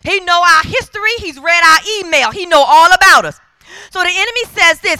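A woman's voice: very high voice, expressive, a little fast, pushed and bright, no echo. A woman preaching a sermon in a church, driving her points with repeated calls for agreement from the congregation. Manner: emphatic call-and-response preaching.

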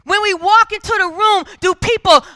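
This woman preacher's sermon is fervent and emphatic, built on call-and-response as she repeatedly asks the congregation to answer her. At a moderate pace, her very high voice rings bright and forceful, recorded dry and close.

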